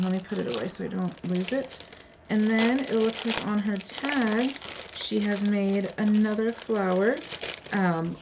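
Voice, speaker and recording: Gravelly-voiced woman chatting through a craft unboxing. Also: mid-range voice, noisy background. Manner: chatty, gushing, mutters asides while handling pieces. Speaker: crafter revealing a card swap. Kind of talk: casual craft unboxing vlog.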